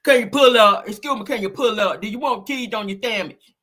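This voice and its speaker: A woman voicing a country-talking man at a fast-food drive-thru window who asks slow, overly polite questions. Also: a little high, fairly bright tone. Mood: fussy polite.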